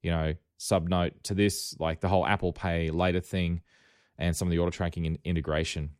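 A man's voice: low-pitched, flat delivery, a little fast, clean tone, no room sound, studio quality. A man with an Australian accent hosting a casual tech podcast, rambling and wry, often correcting himself mid-sentence. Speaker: podcast host.

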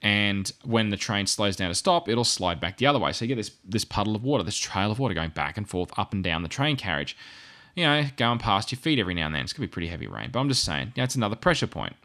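A man's voice: on the low side, sing-song, quick pace, pushed and bright. A man co-hosting a podcast, talking casually in a rambling way and correcting himself as he goes. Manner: rambling and self-correcting, with asides. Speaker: podcast co-host.

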